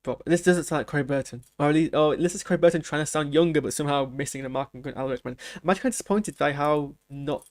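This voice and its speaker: A man's voice: fairly high pitch, rapid-fire, few pauses, no echo, clean studio sound. A man hosting a reaction video in casual commentary, rambling and thinking aloud with many restarts. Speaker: trailer reaction host.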